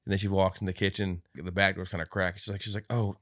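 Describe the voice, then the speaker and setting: A man's voice: deep voice, little pitch movement, fast talker, fairly bright tone, dry recording, clean studio sound. A man co-hosting a podcast, casually recapping a film and acting out its lines, swearing freely. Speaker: podcast co-host. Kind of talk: casual movie review chat.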